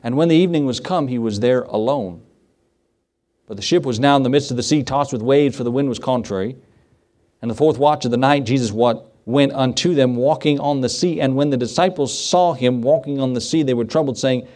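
A man preaching a sermon as pastor, animated, with rhetorical questions and conversational asides. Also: medium pitch, brisk. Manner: animated preaching that acts out the quoted voices.

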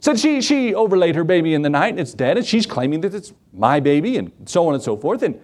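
A middle-aged pastor preaches in a lively, folksy way, his pitch swinging up and down as he acts out quotes. His voice sits a little on the high side for a man. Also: fast talker. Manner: animated storytelling with acted-out quotes; folksy, addresses the congregation directly. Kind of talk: sermon.

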